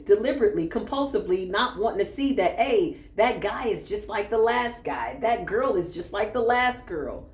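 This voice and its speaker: A woman giving a casual spiritual reading, talking in an animated, preachy way full of slang. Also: medium pitch, reverberant, a little hiss or hum. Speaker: spiritual reader. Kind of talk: casual spiritual livestream talk.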